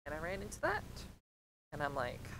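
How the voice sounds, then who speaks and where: A young woman tells a rambling, swear-filled story in a casual vlog and acts out each quoted line. Her pitch swings widely from line to line. A steady low rumble runs clearly behind her voice. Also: fairly quick. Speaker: streamer telling a story.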